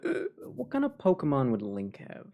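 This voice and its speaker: A man streaming a game live, commenting excitedly and in mock outrage as he talks to his chat. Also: mid-range voice, brisk, phone-quality sound, slight background noise. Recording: game music behind voice. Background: game music.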